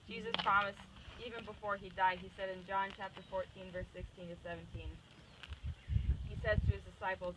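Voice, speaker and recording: A young woman in her twenties giving an earnest personal faith reflection, often pausing with ums. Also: medium pitch, little pitch movement, distant mic. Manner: earnest, hesitant with frequent ums. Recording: noisy background recording.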